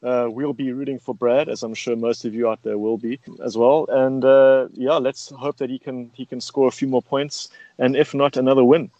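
A man's voice: mid-range voice, fairly even intonation, normal speed, few pauses, mellow, dry recording, lo-fi sound. Man hosting a motoring chat, easygoing and jokey, dry close sound. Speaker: show host. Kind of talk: casual radio chat.

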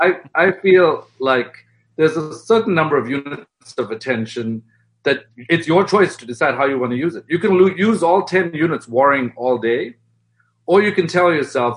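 A man talking as an interview guest, lively and animated, often acting out quoted voices as he explains. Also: fairly high pitch, moderate pace. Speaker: guest expert. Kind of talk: interview conversation.

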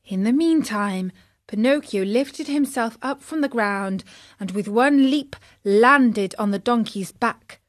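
A woman reading a children's story aloud, slowly and expressively. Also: a little high, no echo.

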